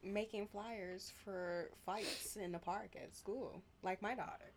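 A woman's voice: medium pitch, steady tone, takes it slowly, background noise. Blunt woman telling parenting stories. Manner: blunt, profane, storytelling. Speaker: podcast guest, parent. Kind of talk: casual chat.

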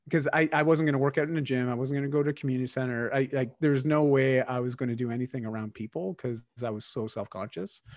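A man's voice: medium pitch, no echo. Candid man telling a personal story. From Canada. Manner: candid, reflective, many restarts and fillers.

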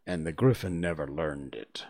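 A man voicing a sorrowful, sobbing male Mock Turtle in a storybook reading, slow and breathy. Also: extremely low pitch, darkish tone. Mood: mournful.

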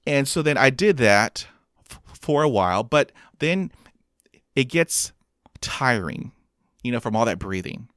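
A man's voice: medium pitch, lively intonation, unhurried, long pauses, fairly bright tone, smooth, no room sound, clean studio sound. A man who stutters, with blocks and repeated sounds, telling a self-mocking personal story and acting out quotes. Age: adult with a master's degree.

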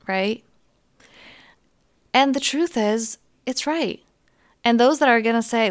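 A woman in her thirties hosting a podcast as a coach, talking gently and earnestly in a casual self-help monologue. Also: on the high side, unhurried, pauses often, smooth, dry recording, studio quality. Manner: gentle, earnest, talks through examples.

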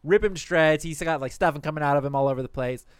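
Young guy talking fast about an anime, bouncy higher voice, lots of swearing. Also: clean tone, no room sound, studio quality. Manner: animated storytelling, quick, swearing, voices quotes. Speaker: podcast host recapping anime episodes. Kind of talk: casual chat.

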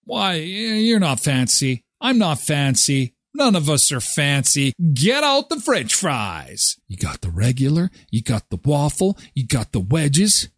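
A man hosts a morning show, jokey and rambling, with a voice that swings widely up and down in pitch. His tone is slightly husky, and the sound is dry and close with no room echo. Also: big pitch swings, unhurried. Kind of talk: casual chat with ad reads.

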